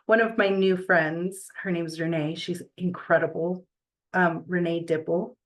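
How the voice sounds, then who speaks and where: Woman, middle-aged, motivational talk, unhurried, earnest, pausing often. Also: lowish voice, fairly even intonation, low-quality recording. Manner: earnest, slow and deliberate with pauses.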